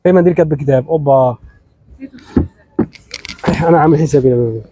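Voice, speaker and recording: Fast, high-voiced Egyptian officiant. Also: male voice, dark tone, rough recording. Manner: teasing, jokey, addresses the couple directly. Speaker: wedding officiant. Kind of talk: playful wedding sermon.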